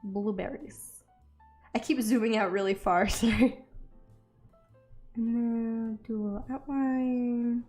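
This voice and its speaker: A young woman chatting casually as she draws for a video, self-deprecating and quick to laugh. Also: a little high, fairly even intonation, a little mellow, soft background music. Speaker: art vlogger. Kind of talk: casual chat while drawing.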